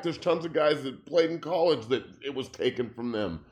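A man's voice: medium pitch, animated, normal speed, darkish tone. A middle-aged man, a former pro football player, hosting a sports talk show from his studio, speaking with passion, swearing freely, his voice climbing when he gets worked up. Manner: impassioned, profane, voice rising when upset. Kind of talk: emotional sports talk monologue. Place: home studio.

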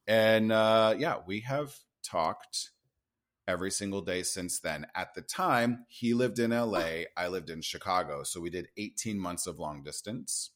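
A man in his thirties with a fairly low voice tells a story in a relaxed podcast chat. He talks with animation and fast bursts, and he acts out other people's lines as he goes. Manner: animated, quick storyteller who acts out quotes. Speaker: podcast guest.

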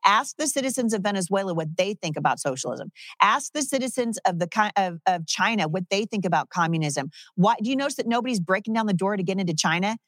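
Rapid-fire and indignant, this congressional candidate from Southwest Washington state makes her case emphatically on a talk show. Her mid-range voice is expressive and a bit bright, recorded cleanly in a studio with no echo.

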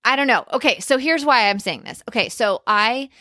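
A woman's voice: fairly high pitch, animated, fairly quick, bright, forceful tone, no room sound, clean studio sound. A woman wedding planner hosting a podcast, talking casually and emphatically, with lots of "like" and quoted asides.

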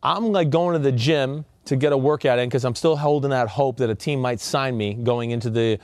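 A man in his thirties co-hosts a casual sports podcast and tells loose, easygoing stories. His pitch sits in the middle range. The sound is dry and close, with no room around the voice. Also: a little fast, dry recording. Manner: relaxed storyteller, plugs his social media. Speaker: podcast co-host.

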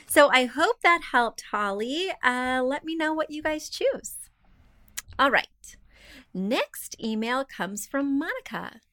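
A woman's voice: fairly high pitch, fairly bright tone, dry recording, clean studio sound. A woman hosting a casual design-advice podcast, reading listener emails aloud and answering them with chatty, self-deprecating confidence. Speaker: podcast host and interior designer. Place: small room indoors, street noise outside.

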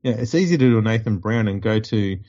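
A man's voice: fairly low pitch, lively intonation, fast talker, mellow, dull audio. A man with an Australian accent co-hosting a podcast in blunt, profane casual sports chat. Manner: blunt and profane, mocking impressions. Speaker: podcast co-host.

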